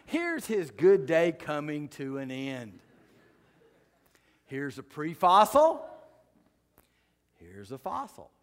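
A man's voice: fairly high pitch, sing-song, takes it slowly, pauses often. Folksy joking man in a reverberant hall. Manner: folksy, joking, dry punchlines. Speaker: creation science speaker. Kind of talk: humorous lecture with slides.

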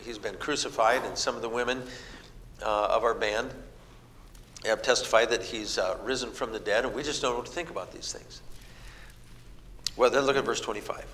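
Speaking fairly quickly in a lowish voice, this middle-aged preacher from the American Midwest tells homespun stories during his sermon and acts out each character. His words echo through a hall with a little faint noise.

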